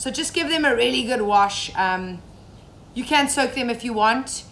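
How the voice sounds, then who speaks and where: Chatty high-voiced woman in an echoey kitchen. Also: expressive, moderate pace, fairly bright tone. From Zimbabwe. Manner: chatty, greets viewers by name while cooking. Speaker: safari cook. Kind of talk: live-streamed cooking demonstration. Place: home kitchen. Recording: echoey kitchen with faint ambient noise.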